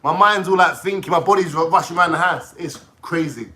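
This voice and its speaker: A man ranting casually on a livestream, swearing and talking in an excitable way. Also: on the high side, brisk. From London.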